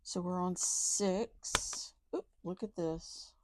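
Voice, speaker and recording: A woman chatting casually to viewers while counting out savings, talking soft and low close to the mic. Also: slow pace, noisy background. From Texas. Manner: chatty, soft and low, says y'all often. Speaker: budgeting vlogger.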